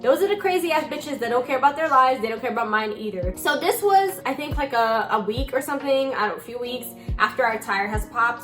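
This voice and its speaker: A young woman in her twenties tells a story straight to camera, her voice sitting a touch high. She rambles in an animated way and swears freely. Faint music plays quietly underneath her. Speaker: vlogger. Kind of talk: casual storytime chat.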